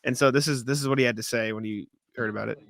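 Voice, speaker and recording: A young man co-hosting a casual sports podcast, telling stories in an animated way, swearing freely and laughing often. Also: mid-range voice, rapid-fire, creaky, a crowd in the background. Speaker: podcast co-host.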